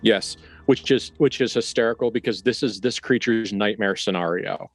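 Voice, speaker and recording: Gm guy, slightly low voice, talks fast and laughs at the players, faint music behind. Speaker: game master. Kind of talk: running a tabletop horror game.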